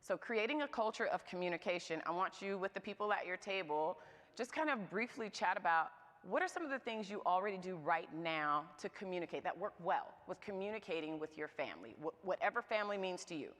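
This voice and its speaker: A woman with a somewhat low voice gives a candid, humorous motivational talk to a live audience. Her voice rings out with a long reverb in a church hall. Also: animated, fairly quick, fairly bright tone. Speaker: speaker at a moms' event.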